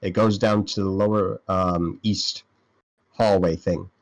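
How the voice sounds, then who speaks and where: A man's voice: low voice, steady tone, takes it slowly. A man playing a tabletop game, joking and hesitant with fillers. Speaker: player. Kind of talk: casual tabletop game chat.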